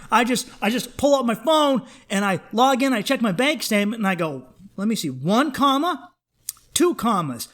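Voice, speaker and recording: A man's voice: very high-pitched, fairly bright tone. A man hosting a comedy podcast, ranting in a worked-up, profane, emphatic way.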